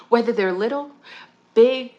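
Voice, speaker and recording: A woman giving an impassioned livestream rant, preachy, laughing often and swinging between loud and soft. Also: on the high side, wildly swooping pitch, takes it slowly, lo-fi sound. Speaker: livestream guest speaker.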